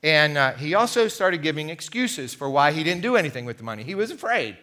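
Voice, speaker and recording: A middle-aged man preaching a sermon as pastor, telling a parable with animated delivery and acting out the characters' lines. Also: a little high, fairly quick. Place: church sanctuary.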